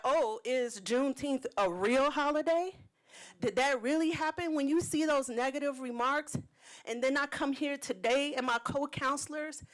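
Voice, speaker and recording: At public comment during a city council meeting, a woman who organized a community event gives an emotional, heartfelt speech thanking the council for its support, earnest and slightly tearful, close to crying. Her voice is high, and the recording quality is low.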